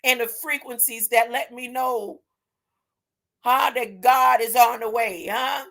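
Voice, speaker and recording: A woman preaches in an impassioned spiritual monologue, her voice pitched high and ringing bright. She takes her time, stretching out phrases and then bursting louder, and she keeps checking in with a rising "huh?". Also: steady tone, gravelly. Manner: emphatic, tags points with a rising "huh?"; drawn-out, deliberate phrasing with sudden loud bursts.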